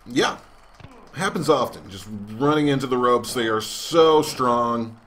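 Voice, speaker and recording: A man's voice: mid-range voice, measured pace, fairly bright tone, slight background noise. A man commentating a wrestling video game as a let's play host, joking in a mock announcer way. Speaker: gaming channel host.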